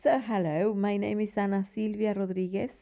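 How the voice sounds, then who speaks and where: A middle-aged woman with a Mexican accent, native speaker of Spanish, giving a measured, earnest personal account. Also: medium pitch, steady tone, vocal fry. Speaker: interviewee. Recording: dull lo-fi recording.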